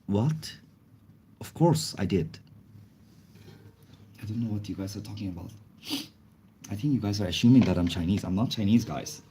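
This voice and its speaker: A man's voice: fairly low pitch, expressive, normal speed, long pauses, mellow, slight background noise. A young man with a slight cold, chatting casually on a livestream in non-native English with grammar slips, reacting to chat comments. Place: indoors, face not shown.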